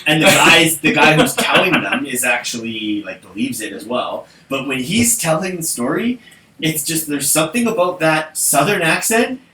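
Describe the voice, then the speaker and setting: A man's voice: fairly high pitch, lively intonation, normal speed, pushed and bright, recorded from a distance. A man co-hosting a podcast, chatting casually and rambling with many restarts. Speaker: podcast co-host. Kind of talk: casual chat. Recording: echoey room, faint noise.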